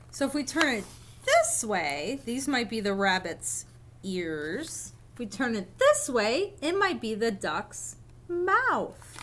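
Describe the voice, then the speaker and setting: A woman teacher speaks to young children while reading a picture book aloud. Her voice sits a little high and swings widely in pitch, and she talks slowly and playfully. She stays animated throughout the lesson.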